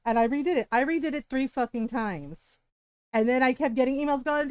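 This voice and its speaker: A talkative woman streamer with a slightly high, smooth and clear voice, recorded close and dry. She rambles through her story with lots of "like" and "right?", and drops swear words freely when exasperated. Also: animated, moderate pace, no room sound. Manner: chatty, peppered with "like" and "right?". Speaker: livestreamer. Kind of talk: casual storytelling chat.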